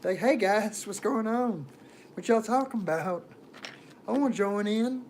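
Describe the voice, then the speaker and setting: A man's voice: a little high, lively intonation, unhurried, a little hiss or hum, pitched above the performer's own voice. A man doing a put-on Southern accent in a raised, goofy voice, laughing between lines during casual livestream chat. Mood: playful.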